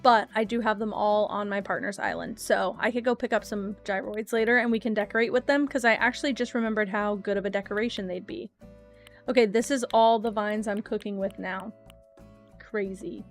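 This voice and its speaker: A woman's voice: mid-range voice, steady tone, brisk, soft background music. A woman streaming a video game, chatting casually and rambling to her viewers. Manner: chatty, rambling, talks to chat. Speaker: live streamer. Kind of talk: casual live-stream chat while gaming.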